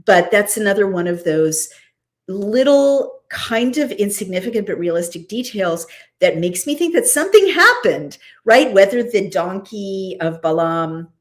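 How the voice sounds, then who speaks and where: Lively woman talking through a scripture story. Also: mid-range voice, a little slow. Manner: lively, conversational, frequent asides. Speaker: host. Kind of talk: casual scripture commentary.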